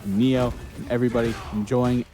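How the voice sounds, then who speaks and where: A man's voice: medium pitch, flat delivery, a little fast. A man co-commentating fighting game matches for a tournament stream, upbeat, with music underneath. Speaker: esports co-commentator. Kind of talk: play-by-play commentary.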